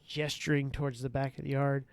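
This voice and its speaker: A man's voice: mid-range voice, a little fast, gravelly, clear, resonant tone, no echo. A man casually telling stories on a podcast, profane and laughing as he acts out past encounters. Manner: profane, laughing, animated retelling. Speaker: podcast guest. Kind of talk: casual storytelling.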